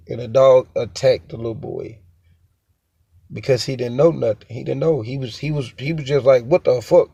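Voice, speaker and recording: A man's voice: mid-range voice, mellow, no echo, lo-fi sound. A young man, giving a rambling, repetitive and emphatic casual monologue as a dog owner, swearing now and then. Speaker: dog owner sharing opinions.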